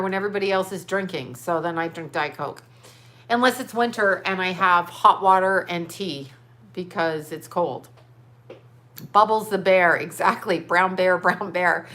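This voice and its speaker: A woman with a bright, mid-range voice and a forceful tone hosts a casual livestream from home. Reading comments aloud, she welcomes viewers and keeps up a rambling, chatty flow.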